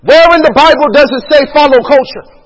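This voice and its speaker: Male preacher, very high pitch, emphatic sermon with rhetorical questions, long hall echo. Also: fairly quick.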